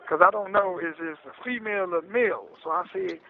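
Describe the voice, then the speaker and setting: Raspy man storytelling over a phone line. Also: high voice, moderate pace. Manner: animated, repeats "you hear me?". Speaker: interview guest recounting his case. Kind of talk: casual storytelling interview. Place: prison phone call.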